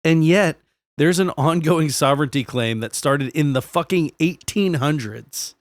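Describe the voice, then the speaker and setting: A man's voice: on the high side, unhurried, no room sound. A man co-hosting a podcast in casual chat, joking and swearing as he tells stories. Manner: joking, profane, drifting into silly put-on voices. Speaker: podcast co-host.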